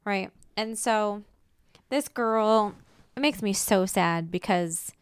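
A woman's voice: medium pitch, takes it slowly, clear, resonant tone, no room sound, clean studio sound. A woman hosting a podcast, earnestly leading topics with playful banter. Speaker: podcast host. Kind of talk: casual chat.

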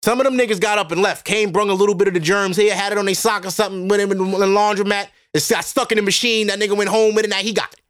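Man, New York accent, high voice, profane rambling rant, dry close sound. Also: fairly even intonation, quick pace, a bit bright, no room sound. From Brooklyn, New York. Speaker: podcast host. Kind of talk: casual ranting monologue.

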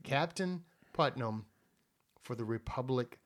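A man's voice: medium pitch, expressive, slow. A man hosting a casual podcast, joking around and sometimes tripping over his own introductions. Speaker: podcast host.

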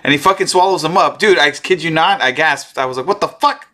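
Hyped guy rambling about an episode, bright tense voice, lots of restarts. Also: fairly high pitch, fast. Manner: excitable, swearing, restarts often. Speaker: streamer co-host. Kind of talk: casual show recap chat.

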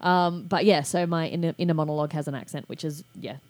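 A woman's voice: deep voice, quick pace, a little mellow, no room sound. A woman, co-hosting a podcast in loose, chatty talk and swearing freely. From Australia. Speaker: podcast co-host. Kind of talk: casual chat.

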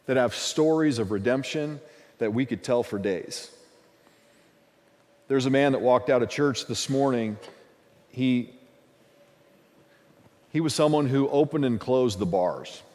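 Preaching pastor in a reverberant hall. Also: male voice, medium pitch. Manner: preaching with repeated phrases and emphatic buildups. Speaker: lead pastor. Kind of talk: sermon.

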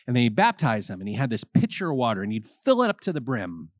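A priest and vocations director telling his personal story in an interview, earnest and animated, acting out the people he quotes. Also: mid-range voice, fast, no echo, studio quality.

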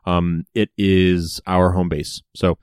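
A man's voice: sits low, flat delivery, takes it slowly, darkish tone, clean tone, no echo, clean studio sound. A man co-hosting a casual podcast, easygoing and full of fillers as he wraps up the show. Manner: easygoing, many fillers, chuckles. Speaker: podcast co-host. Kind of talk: casual chat and show wrap-up.

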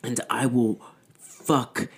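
A man co-hosting a podcast, deadpan and crude in casual banter with friends. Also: medium pitch, very slow, husky. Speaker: podcast co-host.

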